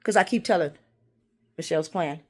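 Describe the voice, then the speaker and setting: A woman vlogging a rambling, confrontational monologue, swinging between loud outbursts and hushed whispers. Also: sits low, normal speed. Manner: confrontational, addresses unseen listeners.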